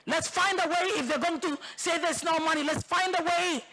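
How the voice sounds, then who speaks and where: Bougainville woman MP giving a fired-up speech in parliament, gravelly forceful voice, hammers lines over and over. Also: very high-pitched, fairly even intonation, moderate pace. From Bougainville, Papua New Guinea. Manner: impassioned, emphatic, repeats phrases for force; switches into Tok Pisin phrases. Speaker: member of parliament. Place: parliament chamber.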